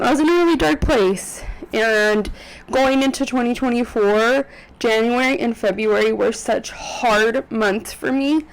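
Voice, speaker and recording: A young woman in her twenties chats to the camera from a corner of her apartment room, recorded on a desk microphone. She rambles and corrects herself often, filling pauses with ums, and her voice sounds teary and close to breaking. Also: a little high, clean tone, rough recording. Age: 20s. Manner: chatty, rambling, with many ums and self-corrections. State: tearful, on the verge of crying. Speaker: vlogger. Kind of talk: casual vlog talk to camera. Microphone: USB desk microphone.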